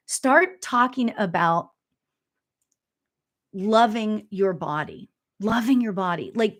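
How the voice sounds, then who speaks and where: A woman's voice: mid-range voice, a bit bright. Middle-aged lady medium doing a live reading, chatty and giggly, lots of ums, whispers her asides. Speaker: spiritual medium. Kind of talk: live reading, casual chat.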